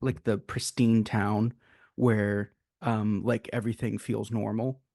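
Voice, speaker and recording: A man's voice: fairly low pitch, level tone, slow pace, vocal fry, darkish tone, no room sound, clean studio sound. A man co-hosting a casual film review, making earnest points with rhetorical questions. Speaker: podcast co-host.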